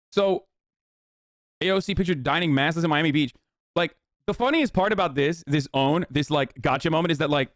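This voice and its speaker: A man's voice: fairly high pitch, no room sound, studio quality. A man casually riffing as a streamer, reacting to posts with mocking, profane commentary.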